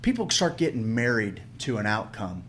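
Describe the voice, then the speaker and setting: A man's voice: fairly low pitch, sing-song, moderate pace, fairly bright tone. A man co-hosting a podcast, talking in an earnest, reflective and somewhat wordy way. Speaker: podcast co-host. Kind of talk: casual chat.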